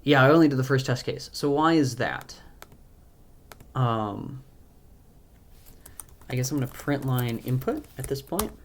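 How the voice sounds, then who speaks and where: A man's voice: medium pitch, animated, unhurried, long pauses, slight background noise. A man who is losing his voice, talking through a live coding walkthrough as a programmer, thinking aloud and hesitating with frequent ums. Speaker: programmer, language creator.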